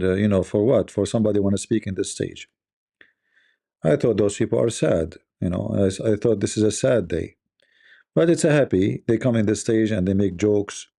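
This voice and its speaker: Scornful gravelly-voiced male commentator. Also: lowish voice, warm tone. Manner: scornful, rhetorical questions, repeats himself. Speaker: online commentator. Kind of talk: casual live-stream commentary.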